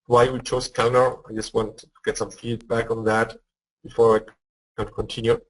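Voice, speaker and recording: A man's voice: medium pitch, flat delivery, normal speed, low-quality recording. A man presenting a live trading webinar, explaining step by step, often checking whether listeners follow. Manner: explanatory, asks for feedback, repeats words.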